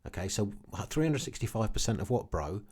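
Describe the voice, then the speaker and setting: A man's voice: on the low side, very animated, brisk, a little mellow, slightly rough. A man ranting casually to camera about his investments, blunt and repetitive, often tagging his points with "okay". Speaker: crypto vlogger.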